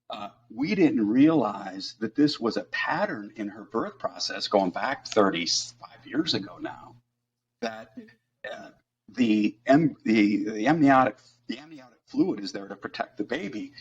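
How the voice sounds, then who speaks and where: A middle-aged man telling a personal story as a podcast guest, earnest and halting, with frequent fillers. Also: medium pitch, breathy edge, highs cut off.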